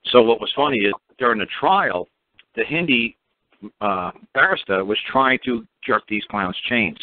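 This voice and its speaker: A man's voice: medium pitch, expressive, unhurried, no room sound. A man talking as a guest on a call-in show, telling a story in a blunt, emphatic and heavily profane way. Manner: emphatic, commanding. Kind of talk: casual call-in radio talk. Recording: dry tinny phone line.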